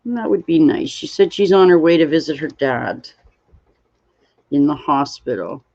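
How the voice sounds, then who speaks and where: A woman's voice: low-pitched, lively intonation, creaky, mellow. A tired woman hosting a casual livestream while crafting, rambling and greeting viewers from chat. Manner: slow, rambling, reads chat aloud. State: tired, yawning. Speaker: livestream host. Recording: dull lo-fi stream audio.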